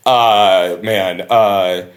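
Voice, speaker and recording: A man co-hosting a casual podcast, talking in an animated way, laughing often and swearing casually. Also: sits low, drawn-out words. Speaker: podcast co-host.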